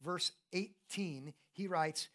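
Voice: medium pitch, slow pace, a bit bright. A preacher giving a sermon in an earnest, conversational way, who often asks the listeners questions and restarts with "and, and". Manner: often repeats "and, and" when starting a thought.

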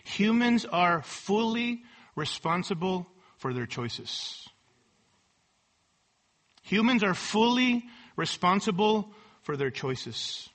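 A man preaching a sermon, quoting scripture with emphatic rising force and dropping low at the ends of thoughts. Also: very animated, takes it slowly, long pauses, a bit bright.

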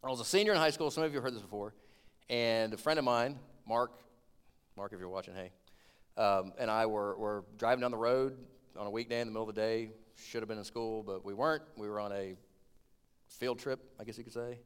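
A man, preaching a sermon as a lively storyteller who gets loud when retelling scenes. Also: fairly low pitch, brisk, smooth. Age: 20s. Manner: storytelling, animated, rising to shouts in retold scenes. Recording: long hall reverb.

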